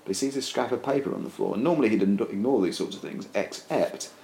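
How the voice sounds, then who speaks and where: Talking fast with vocal fry, a deep-voiced man tells a comic story in a loose, meandering way, keeping a deadpan tone and leaning on lots of fillers. A roomy echo, faint ambience, and slight background noise surround him.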